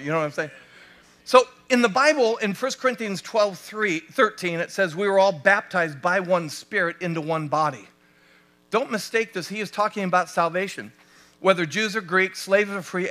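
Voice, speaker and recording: A male pastor with an American accent preaching a sermon, animated and asking his congregation rhetorical questions. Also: high voice.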